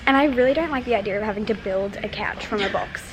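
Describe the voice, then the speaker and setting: A woman's voice: medium pitch, fast talker, background noise. A young woman vlogging in a casual, chatty way who says "like" constantly, filming herself handheld as she moves around. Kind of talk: casual vlog chat. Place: bedroom at home, then a furniture store. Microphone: camera on a tripod, then handheld.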